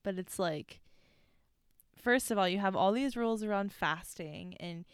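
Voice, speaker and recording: A young woman co-host with a very clear voice and blunt opinions. The dry, close sound leaves no room echo around her. She talks frankly and swears freely. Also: medium pitch, a little slow. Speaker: podcast co-host. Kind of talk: casual chat.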